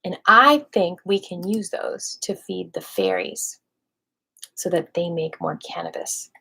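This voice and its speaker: A woman hosting a live video, reading dictionary entries aloud with playful, musing asides to viewers and occasional soft whispers. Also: on the low side, very animated, measured pace, vocal fry, slightly rough.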